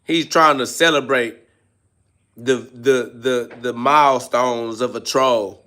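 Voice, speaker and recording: A man's voice: mid-range voice, steady tone, slow pace, pushed and bright. A man hosting a live self-talk podcast, preaching and mocking a troll in heavy slang. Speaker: podcast host.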